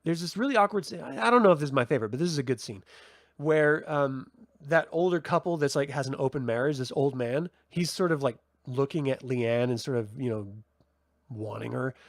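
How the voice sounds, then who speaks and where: A man's voice: medium pitch, brisk, dry recording, clean studio sound. A man hosting a casual solo TV review, chatty and rambling, with fillers and restarts. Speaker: TV review host.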